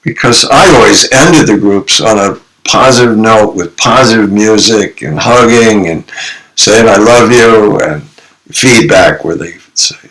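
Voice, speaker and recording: A man who is a psychologist and author, a podcast guest telling his stories in an animated way and acting out the quotes. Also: on the low side, a little slow, rough recording. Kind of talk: storytelling interview.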